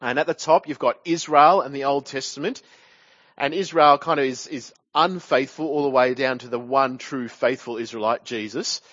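A man's voice: medium pitch, normal speed, a bit bright, no room sound, dull audio. A man preaching a sermon from a church pulpit, walking through a passage and closing his points with rhetorical tag questions.

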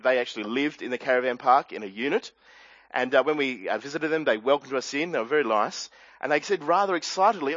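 A man's voice: mid-range voice, fairly bright tone, no echo. A man with an Australian accent preaching a sermon, explaining a passage earnestly with asides and restarts. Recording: dry, dull lo-fi sound.

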